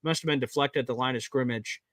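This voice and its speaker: A man's voice: mid-range voice, fast, a bit bright, no room sound. A man hosting a live watch party stream, calling play-by-play and getting exasperated at bad plays.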